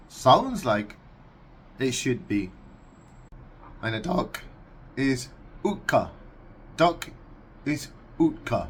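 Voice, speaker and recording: A Scottish man vlogging casually, unhurried and amused, breaking into animal noises. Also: medium pitch, big pitch swings, breathy edge. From Scotland. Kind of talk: casual explainer vlog.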